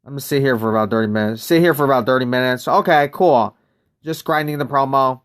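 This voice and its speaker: An American man hosting a casual live game stream, talking loosely to his viewers and drifting from one aside to the next. His voice is smooth and clear and sits at an ordinary middle pitch. He sounds close to a desk mic. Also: quick pace. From United States. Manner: chatty, greets viewers by name, loose rambling asides.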